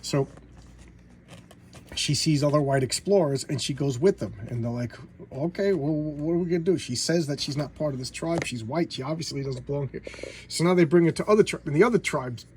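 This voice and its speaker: A man casually retelling comic book stories in an animated way, slipping into voices for the characters. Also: medium pitch, a little fast, slight background noise.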